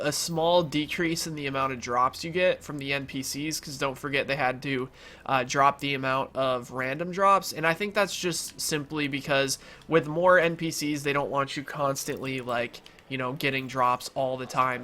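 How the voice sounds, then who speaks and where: A man's voice: medium pitch, bright, forceful tone. A young man with a nasal, allergy-stuffed voice, chatting casually over his own gameplay, full of fillers and reassuring his viewers. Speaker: gaming YouTuber.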